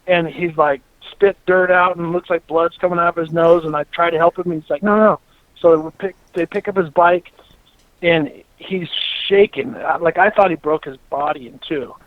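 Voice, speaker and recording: A man hosting a casual chat, telling animated stories and swearing freely. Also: fairly high pitch, normal speed, no room sound, phone-quality sound. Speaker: podcast host, former racer.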